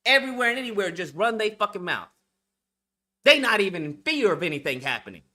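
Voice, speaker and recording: A man's voice: sits high, big pitch swings, quick pace, sharp tone. A man delivering a heated, profane monologue rant as a channel host, blunt and repetitive, lecturing his listeners.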